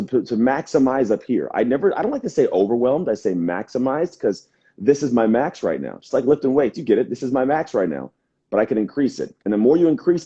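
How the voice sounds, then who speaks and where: Fast-talking husky man, muffled stream. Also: mid-range voice. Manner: energetic, fast storytelling with acted quotes. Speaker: motivational speaker guest. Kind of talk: casual live video chat. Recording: muffled lo-fi livestream audio.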